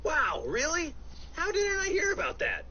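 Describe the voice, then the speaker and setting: Man doing gullible host, very high, slow, bright, lively, muffled. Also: full character voice. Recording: muffled recording with faint noise.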